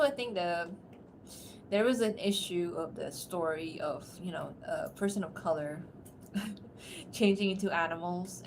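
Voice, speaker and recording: A woman's voice: on the low side, slight background noise. Chatty woman streamer who laughs often. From outside America. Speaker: streamer and voice actor. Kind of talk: casual livestream chat.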